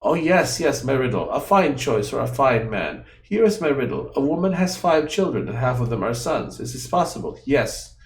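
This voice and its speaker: A man's voice: mid-range voice, big pitch swings, moderate pace, few pauses, reverberant. A man voicing a fretful, childlike female guardian who talks about herself in the third person, with broken grammar.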